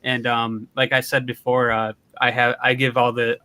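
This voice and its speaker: A man's voice: mid-range voice, monotone, normal speed, bright, forceful tone. A man who is a paranormal investigator, chatting casually in a rambling, hesitant way with many restarts. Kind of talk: casual chat.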